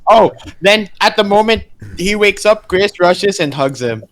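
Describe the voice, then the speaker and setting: A man playing a tabletop role-playing game with a fairly high voice. He is jokey and laughs easily, narrating what his character does. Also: animated, a little slow, a bit bright. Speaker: tabletop player.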